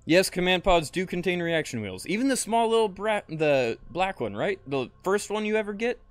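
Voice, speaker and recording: A man's voice: high-pitched, very animated, moderate pace, no room sound. Frustrated young man streaming a game. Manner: frustrated, swearing, muttering to himself. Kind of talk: casual live-stream commentary.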